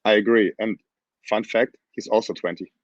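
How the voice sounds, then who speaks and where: Hoarse, blunt grappling coach, low voice. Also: male voice, moderate pace, no room sound, dull audio. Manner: animated, blunt, plain phrasing. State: hoarse from screaming. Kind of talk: casual interview talk.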